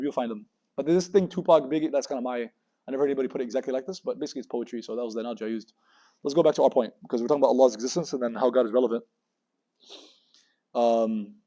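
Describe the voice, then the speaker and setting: A man in his thirties gives a religious talk to students, with words tumbling out at a very fast clip. His voice has a warm, mellow tone, and he jumps into little acted-out voices for the people in his examples. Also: mid-range voice. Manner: talks very fast, acts out voices in his stories. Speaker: Muslim speaker giving a campus talk. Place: university lecture room.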